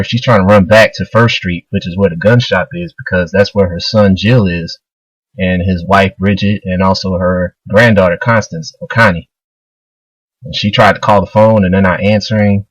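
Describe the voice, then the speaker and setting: Husky-voiced man retelling a story. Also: lowish voice, no room sound, low-quality recording. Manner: loose and rambling, filler-heavy. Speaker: manga reviewer. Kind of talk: casual retelling of a manga chapter.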